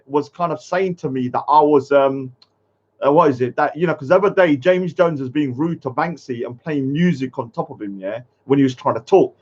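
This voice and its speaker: A man, hosting a casual livestream, talking bluntly and scolding his chat. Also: high-pitched. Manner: blunt, swears at chat, mock-taunting. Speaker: livestream host. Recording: dull lo-fi stream audio.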